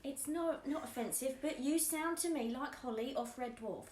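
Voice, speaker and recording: Answering tag questions alongside her partner, a female YouTube vlogger speaks at normal speed in a darkish tone, chatty and giggly with pitch drifting up and down. The room sounds reverberant, with slight background noise.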